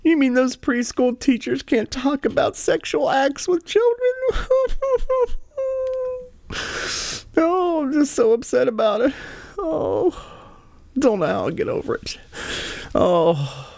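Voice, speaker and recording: A man putting on a shrill, overwrought voice in a sarcastic falsetto, mocking someone as weepy and upset. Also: very animated, unhurried, gravelly, a little mellow, no room sound, heavily acted. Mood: mock distress. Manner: sarcastic whiny falsetto wailing.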